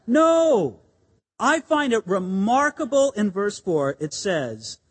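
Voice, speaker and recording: A man pastor preaching an expository sermon in an animated, conversational and emphatic way, with asides to the congregation. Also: high-pitched, slow, slightly rough, in a large hall.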